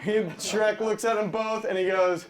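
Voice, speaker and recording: A man pitches a storyboard scene by scene, laughing along and slipping into character voices. His voice sits very high and he takes his time. A loud hiss runs under the old recording. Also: fairly even intonation, a little slow.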